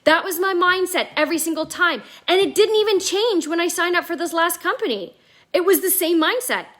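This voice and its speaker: Chatty woman with a high voice telling her story on a live video at home, says like a lot. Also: brisk. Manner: chatty, animated, many fillers like "like". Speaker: network marketing vlogger. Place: at home indoors, near a staircase. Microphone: live video call.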